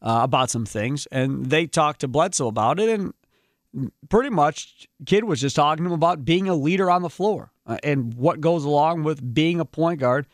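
A man's voice: fairly high pitch, lively intonation, moderate pace, dry recording, clean studio sound. A man hosting a sports radio show, talking casually and rambling with restarts.

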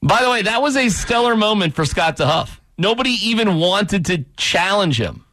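A man's voice: high-pitched, dry recording, clean studio sound. A man hosting a sports radio show, bantering casually and joking about the day's news. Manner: joking, animated, quick asides.

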